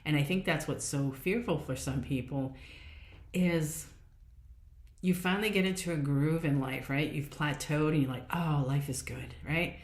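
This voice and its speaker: A woman's voice: low voice, normal speed, roomy sound. A woman hosting a solo podcast, talking in a casual, encouraging way and acting out little inner voices as she goes. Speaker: podcast host. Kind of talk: motivational solo podcast talk.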